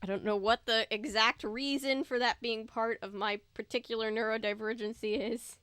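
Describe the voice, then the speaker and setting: A woman's voice: on the high side, steady tone, moderate pace, a bit bright, smooth, no room sound. A woman reading a children's horror book aloud in a casual way, breaking off to joke and comment on the story. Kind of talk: casual read-aloud with asides.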